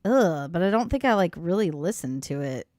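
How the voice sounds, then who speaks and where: A woman's voice: fairly low pitch, animated, normal speed, darkish tone, a little hiss or hum. A woman hosting a livestream, casually chatting and commenting on a story she is playing. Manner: casual, offhand asides. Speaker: livestream host. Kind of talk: casual chat, reacting to a story.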